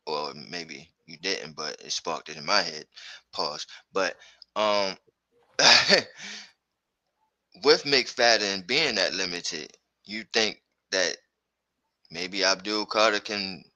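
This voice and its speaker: Sports podcast host guy, super bright tone, low-ish voice, dry close sound, kinda hyped and slangy. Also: no echo, low-quality recording. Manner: loose, excitable, slangy, lots of fillers. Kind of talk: casual sports chat.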